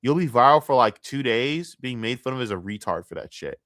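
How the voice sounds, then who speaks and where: A man on a live stream ranting about online drama in a crude, mocking, heated way, jumping between loud outbursts and low mutters. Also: expressive, fairly quick, dry recording, clean studio sound. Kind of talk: profane live-stream rant.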